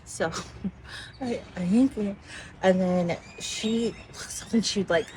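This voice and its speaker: A woman's voice: mid-range voice, slow pace, darkish tone. A woman casually telling a story outdoors near water, rambling and giggling and often distracted. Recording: noisy outdoor recording.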